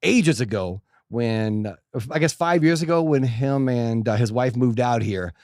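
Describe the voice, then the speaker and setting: A man's voice: medium pitch, a little slow, a little mellow, no room sound, studio quality. A man co-hosting a comedy podcast, laid-back and teasing, laughing often in casual chat.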